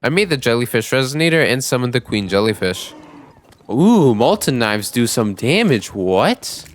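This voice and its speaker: A young man narrating his game playthrough who talks to his chat, jokes about himself and gets loud and pleading in boss fights. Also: mid-range voice, moderate pace, soft background music. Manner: excitable, shouts and pleads during fights; talks to chat, self-deprecating. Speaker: gaming YouTuber. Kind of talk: let's play with voice-over narration.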